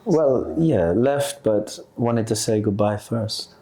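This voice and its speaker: Man, somewhat low pitch, earnest, thoughtful pauses, explaining spiritual ideas. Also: expressive, mellow. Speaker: podcast guest. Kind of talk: spiritual discussion.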